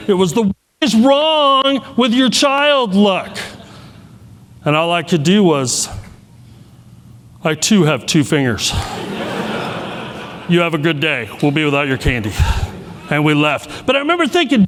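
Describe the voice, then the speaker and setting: A man's voice: on the high side, long reverb tail. A middle-aged man giving a keynote, telling personal family stories in a candid, self-deprecating way with many restarts. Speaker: keynote speaker.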